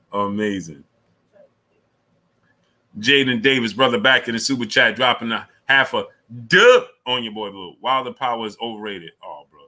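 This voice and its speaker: A middle-aged man hosting a casual live stream, reading super chats, repeating himself and climbing high when he argues. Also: low-quality recording. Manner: animated, repeats himself, rises sharply when arguing.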